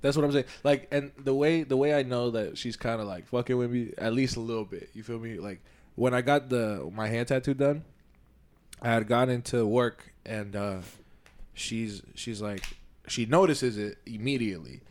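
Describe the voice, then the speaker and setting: A man co-hosting a casual podcast chat, telling a story with lively acted-out quotes and a lot of "you feel me.". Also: medium pitch, moderate pace. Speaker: podcast co-host.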